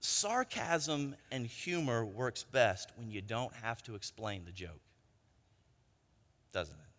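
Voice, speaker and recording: A man's voice: mid-range voice, expressive, takes it slowly, fairly bright tone. A man preaching a sermon, retelling a story in a chatty storytelling manner and often checking in with "right?". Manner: conversational storytelling, frequent tag questions. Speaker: pastor. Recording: long hall reverb.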